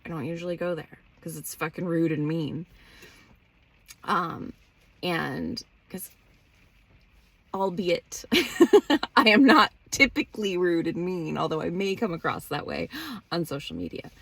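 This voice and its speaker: A woman hosts a podcast and tells a personal story in a candid, foul-mouthed, casual way. Her voice sits fairly low, with a gravelly fry and a husky, breathy edge. She plays out both sides of the conversations she recounts. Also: a bit bright, dry recording. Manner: candid and profane, acting out quoted dialogue. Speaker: podcast host.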